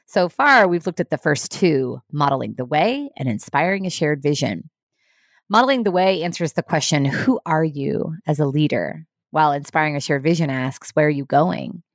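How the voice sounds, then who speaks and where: A woman hosting a short leadership podcast, giving a scripted, encouraging talk with a measured storytelling manner. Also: deep voice, no room sound, studio quality.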